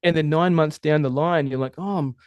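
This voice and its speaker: A man talking as a relationship coach in a podcast interview, animated and emphatic, swearing freely. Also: on the high side, fairly quick, smooth, no echo, muffled recording. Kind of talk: casual interview conversation.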